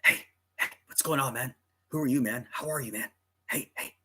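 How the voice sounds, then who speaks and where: A man voicing a drugged-out, jittery male rocker in a jester hat who chatters rapidly and keeps repeating "man". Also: medium pitch, bright, forceful tone, slightly rough. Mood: wired.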